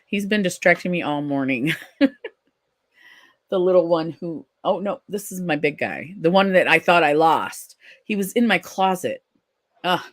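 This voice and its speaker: A live-stream host reading viewer comments aloud in a casual chat and answering gently and supportively, with frequent ums and restarts. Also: medium pitch, lively intonation, measured pace.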